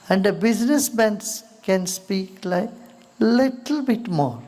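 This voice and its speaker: Slow gravelly Indian man, soft-spoken. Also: sits high, expressive. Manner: slow, soft-spoken, drops to near-whispers. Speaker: spiritual teacher. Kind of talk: spiritual talk with storytelling.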